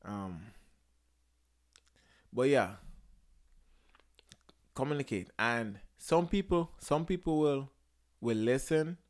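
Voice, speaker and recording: A young man holds forth on relationships in loose, casual talk, swinging between heated emphasis and quieter stretches. His voice sits at an ordinary middle pitch, and he keeps restarting sentences and hunting for the right word. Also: takes it slowly, pauses often. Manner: animated, emphatic, swears and repeats himself; searches for words, frequent restarts. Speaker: podcast host.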